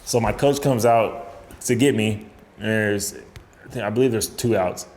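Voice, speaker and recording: A young man, a baseball pitcher, telling a story in casual chat and voicing the people in it. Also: a little slow, darkish tone, slight background noise. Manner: acts out other people's lines in raised, mocking voices.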